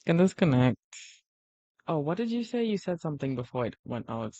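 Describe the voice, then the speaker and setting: A woman's voice: low voice, very animated, brisk, dark tone, dry recording, lo-fi sound. Flustered woman livestreaming her drawing. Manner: flustered, exasperated, self-deprecating. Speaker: art livestreamer. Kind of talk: casual livestream chat.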